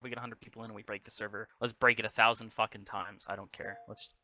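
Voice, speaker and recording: A man's voice: lowish voice, level tone, fast talker, sharp tone, no room sound, rough recording. A man leading an online community meeting in a casual, rambling way, full of restarts and fillers, over a voice chat mic. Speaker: community leader running a meeting. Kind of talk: casual online town hall talk.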